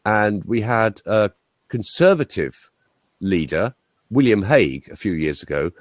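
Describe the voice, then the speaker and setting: Low, lively male voice coach. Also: a little slow, no room sound, studio quality. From England. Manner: chatty, anecdotal, emphatic. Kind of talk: interview guest, conversational storytelling.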